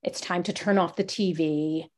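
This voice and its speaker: A woman hosting a relaxed podcast conversation, talking in a somewhat low voice. She works through her questions out loud with lots of fillers, and she fills in the gaps with little agreements while her guest speaks. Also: normal speed. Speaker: podcast host. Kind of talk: casual podcast interview.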